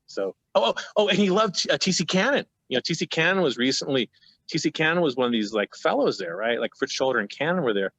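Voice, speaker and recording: A man's voice: a little high, expressive, fast talker, a bit bright, dry recording, rough recording. A man in his fifties, a painter on a panel, telling stories in a rambling, self-interrupting way over a video call. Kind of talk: casual panel talk.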